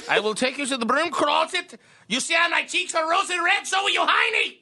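A man putting on a threatening German-accented Santa Claus in a radio comedy sketch, shouting between laughs. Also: very high-pitched, brisk, pitched above the performer's own voice, full character voice. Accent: German (put on).

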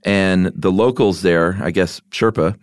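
A man's voice: low voice, unhurried, no room sound, clean studio sound. A man co-hosting a casual podcast, easygoing and self-deprecating, with lots of hesitant fillers. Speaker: podcast co-host.

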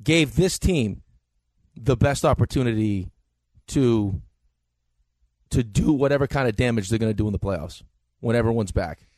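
Male sports radio co-host, wisecracking, medium pitch, dry sound. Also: lively intonation, moderate pace, darkish tone, no room sound. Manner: wisecracking, needling analysis. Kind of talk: casual sports radio banter.

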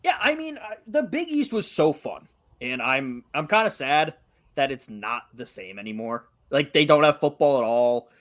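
Young male co-host, light Massachusetts accent, high lively voice, jokey and profane. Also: normal speed. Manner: animated, joking, swears freely. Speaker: podcast co-host. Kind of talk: casual chat.

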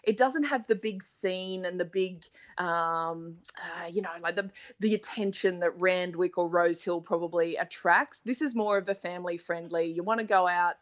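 A woman's voice: on the low side, moderate pace, few pauses, lo-fi sound. A woman who hosts sports TV, chatting as a podcast guest and telling stories with frequent laughter. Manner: chatty storyteller, laughs often. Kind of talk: casual chat.

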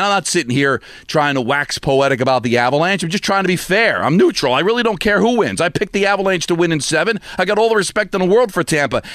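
A man's voice: fairly high pitch, a bit bright, no echo, clean studio sound. A man hosting sports talk, delivering an emphatic, scolding rant full of repetition. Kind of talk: opinionated sports radio rant.

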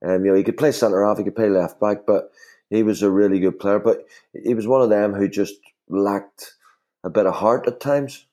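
A man speaks in a low, mellow voice. He is a former player recalling his club days in casual conversation. He rambles and restarts often, leaning on "you know.". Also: fairly even intonation, moderate pace. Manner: rambling with many fillers and restarts. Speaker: former footballer guest. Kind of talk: casual podcast chat.

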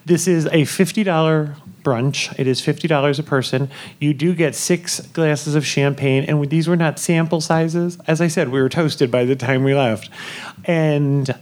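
A man's voice: fairly high pitch, steady tone, normal speed, darkish tone. A man hosting a live podcast in a theater on a cruise ship, chatting and laughing as he tells the audience a story. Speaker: podcast host.

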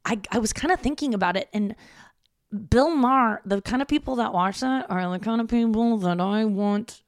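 In a mid-range voice, a St. Louis stand-up comic in her thirties loosely rambles through a solo podcast from her parents' home. She pokes fun at herself and swears freely, and the studio-quality audio carries no room sound.

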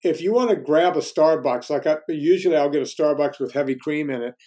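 A man's voice: a little high, fairly quick, warm tone. A man in his fifties, a guest telling stories in casual conversation, candid and self-deprecating, often restarting his sentences. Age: 50s.

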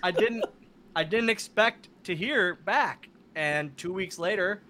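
A man guest on a podcast, telling casual stories in an animated way. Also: high voice, slow pace, a little hiss or hum. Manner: animated, laughing storyteller. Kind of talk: casual storytelling.

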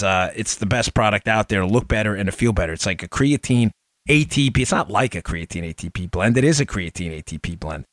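A man's voice: fairly low pitch, a bit bright, dry recording, clean studio sound. A middle-aged man hosting a political podcast, heated and emphatic, lecturing his listeners. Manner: brisk upbeat ad read.

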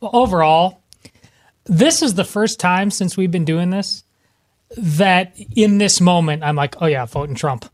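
A man co-hosting a radio panel, talking in an excitable, loose and colloquial way. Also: high-pitched, a little slow. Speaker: co-host. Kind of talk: casual panel chat.

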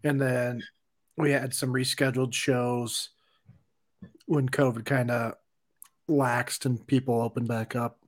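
A man co-hosting a podcast, talking in a relaxed, casual way. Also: mid-range voice, takes it slowly, pauses often. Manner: relaxed, reacts with laughs and short replies. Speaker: podcast co-host. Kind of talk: casual chat.

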